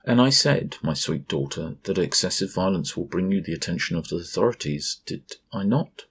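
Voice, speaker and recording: A man's voice: low-pitched, animated, a little hiss or hum. A man doing a stern formal father. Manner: formal, measured introductions. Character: stern, composed father and butler-like host.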